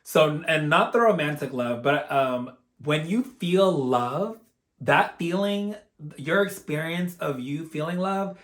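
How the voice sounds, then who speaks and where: Slow yet animated, a man with a fairly high, bright voice recounts a personal story as a spiritual vlogger. He's earnest and emotional, casual and rambling, constantly saying "like" and "you know."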